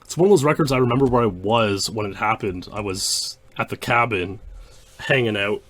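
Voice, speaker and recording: A man's voice: fairly low pitch, moderate pace. A young man hosting a speedrun history show, giving loose, rambling commentary over gameplay with lots of fillers and restarts.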